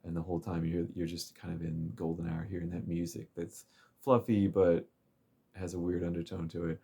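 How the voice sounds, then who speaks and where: A man's voice: low voice, little pitch movement, normal speed, dark tone, slightly rough. A man casually recapping a game's story chapter, rambling and chuckling with plenty of fillers. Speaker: game story commentator.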